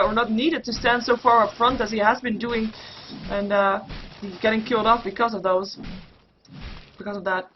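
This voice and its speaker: A woman casting an online game match solo, calling the action play by play and getting louder in the fights. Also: fairly high pitch, slight background noise. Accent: Dutch. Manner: rapid play-by-play, excited bursts in fights, many fillers. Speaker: esports caster. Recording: muffled lo-fi stream audio.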